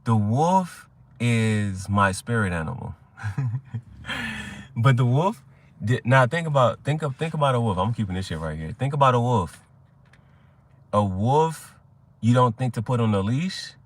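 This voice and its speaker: A man's voice: medium pitch, animated, a little slow, long pauses. A young adult man hosting a tarot reading chat, talking in a rambling, profane way and telling stories with quoted voices. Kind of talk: casual livestream chat.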